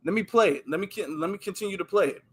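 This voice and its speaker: High-voiced emphatic male commentator. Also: fast talker, slight background noise. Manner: emphatic, repetitive. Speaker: host commenting on street footage. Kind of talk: casual video commentary.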